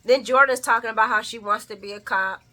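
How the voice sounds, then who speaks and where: A woman doing a casual soap opera recap vlog, talking to viewers in a heated, animated, profane way. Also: a little high, fast talker. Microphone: camera mic.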